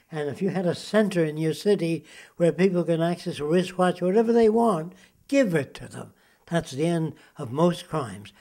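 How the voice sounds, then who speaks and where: A man's voice: fairly high pitch, darkish tone. An older man in an interview, lecturing emphatically and asking rhetorical questions. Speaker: interviewee, futurist. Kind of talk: interview monologue.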